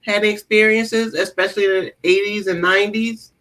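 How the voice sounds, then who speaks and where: A man's voice: sits high, steady tone, normal speed, bright, forceful tone. A man hosting a casual group chat, putting open questions to the room and inviting people to share.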